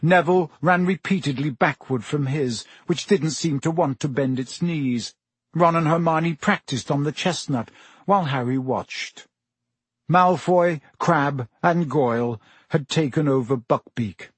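A man reading a fantasy story aloud in an expressive audiobook style. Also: fairly high pitch, unhurried, slightly rough, dry recording. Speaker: audiobook narrator.

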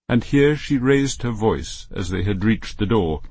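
A man narrating an audiobook in a measured, wry way, recorded in a dry, close studio. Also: sits low, darkish tone, breathy edge, dry recording.

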